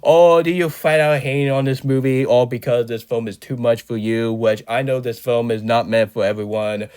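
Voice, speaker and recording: A man's voice: medium pitch, fairly even intonation, moderate pace, darkish tone, clear, resonant tone. A man with a sick voice giving a rambling, casual movie review as host of his channel, often correcting himself and ranting in exasperation.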